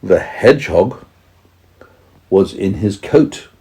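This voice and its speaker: Low, slow-reading man telling a bedtime story. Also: expressive, gravelly, warm tone. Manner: patient, explains words to a child. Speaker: parent reading to his child.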